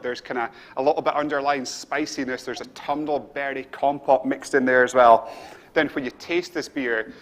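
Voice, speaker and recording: A man's voice: medium pitch, fairly bright tone. Scottish man, live-stream tasting host, enthusiastic and chatty, faint background noise. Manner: enthusiastic, storytelling, guides viewers step by step. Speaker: brewery co-founder leading a beer tasting. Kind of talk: live-streamed casual presentation.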